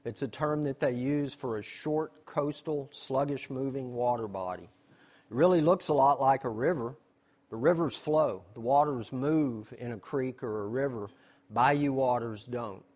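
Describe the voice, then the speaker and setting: A man's voice: medium pitch, unhurried, a little mellow. A man, a nature center staff member giving a slideshow presentation. He explains things step by step, asking questions and then answering them.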